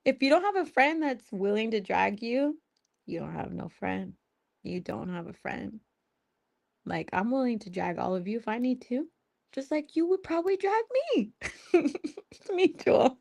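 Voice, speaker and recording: A woman's voice: fairly high pitch, a little mellow. A young woman hosting a live stream, chatting casually with viewers in a blunt, teasing way, swearing and laughing often. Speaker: host of a live spiritual Q&A stream.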